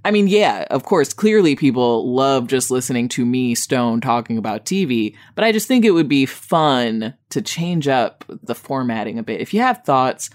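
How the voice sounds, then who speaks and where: A woman hosting a podcast, chatting casually about TV she watched, rambling with lots of fillers, wry and exasperated, jumping way up in pitch when she mocks people, and high on weed while she talks. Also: a little mellow. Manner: wry, exasperated, jumps high for mock quotes. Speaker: podcast host. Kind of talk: casual TV review chat.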